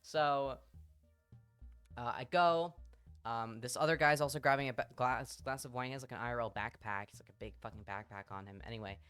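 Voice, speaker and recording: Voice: medium pitch, fairly quick, a bit bright, clean tone, soft background music. A streamer telling a story in casual chat on a live stream, chatty and swearing freely.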